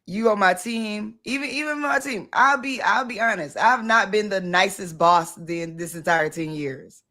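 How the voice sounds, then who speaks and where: A woman hosting a casual conversation, talking bluntly and in an animated way, acting out the things she says to people. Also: mid-range voice, normal speed. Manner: blunt, animated, acts out her own past self. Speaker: host, founder of the organization.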